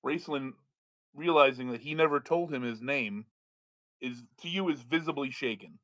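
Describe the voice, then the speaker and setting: A man's voice: mid-range voice, moderate pace, a bit bright, highs cut off. A man running a tabletop game as game master, narrating in a restless way full of restarts.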